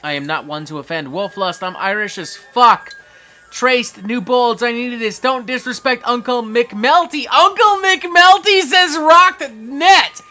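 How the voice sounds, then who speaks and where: Tipsy male stream host, bright forceful voice, unhurried delivery, swears constantly, drops from mumbling to hype shouting. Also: sits high, faint music behind. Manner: profane, swings from mumbling to hyped shouting. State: tipsy, getting drunker. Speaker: livestream host reading chat. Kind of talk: rowdy live-stream chat.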